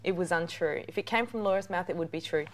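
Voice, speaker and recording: A woman's voice: lowish voice, fast, noisy background. A woman, a reality show housemate, talking in a defensive, insistent way.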